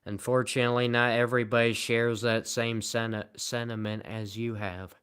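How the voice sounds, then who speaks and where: Rambling deadpan man with Southern-tinged speech. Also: medium pitch, moderate pace, smooth. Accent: Southern American. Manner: rambling, deadpan and self-mocking. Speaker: live streamer. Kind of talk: casual livestream chat answering comments.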